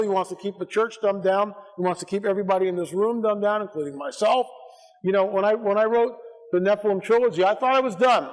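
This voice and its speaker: A man giving an animated, storytelling talk at a church conference, acting out quotes as he goes. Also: high voice. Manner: animated, acts out quotes, restarts often. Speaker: conference speaker. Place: church sanctuary. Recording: echoey church hall.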